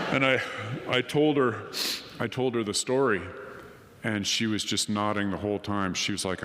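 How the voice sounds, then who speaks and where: A man's voice: fairly low pitch, normal speed, slight background noise. A man giving an earnest, emotional personal testimony at a conference, acting out what others said to him. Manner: earnest and emotional, quoting others in lively voices. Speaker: conference speaker. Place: conference hall. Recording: long reverb of a hall.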